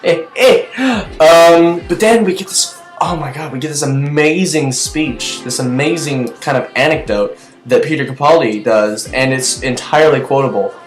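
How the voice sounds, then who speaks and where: A young man giving a casual, rambling TV episode review, chatty and excitable, full of fillers and restarts. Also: fairly high pitch, moderate pace. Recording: echoey room with faint music.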